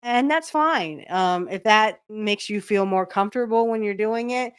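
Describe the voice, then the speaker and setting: A woman's voice: medium pitch, a little slow, clean tone, no room sound, studio quality. A woman hosting a podcast in casual chat, rambling with many fillers and restarts. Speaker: podcast host.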